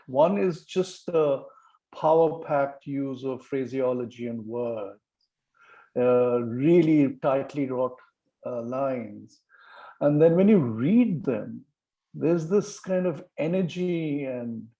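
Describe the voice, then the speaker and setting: A poetry series host on a video call, his voice mellow and warm-toned. He praises effusively and winds through long questions, often restarting his sentences. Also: mid-range voice, rough recording. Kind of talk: interviewing a poet.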